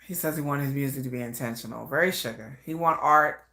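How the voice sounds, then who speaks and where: A woman giving casual live reaction commentary, chatty, trailing off into soft murmurs and then jumping into excited bursts. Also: rumbling low, fast.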